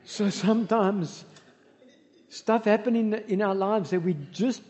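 A man preaching a sermon as pastor, telling lively stories with humorous asides. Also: high voice, a little slow. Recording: reverberant hall, dull lo-fi sound.

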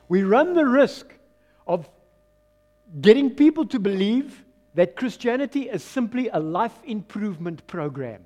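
Brief: South African male pastor, middle-aged, high voice, preaching with lively call-and-response energy. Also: normal speed. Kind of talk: sermon.

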